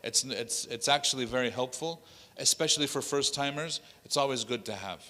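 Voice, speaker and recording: An imam tells a story at a workshop, switching into the voices of the people he quotes. His voice is bright and forward. The sound rings out with a long hall reverb. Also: medium pitch, a little fast. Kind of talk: workshop talk telling a story. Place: mosque hall.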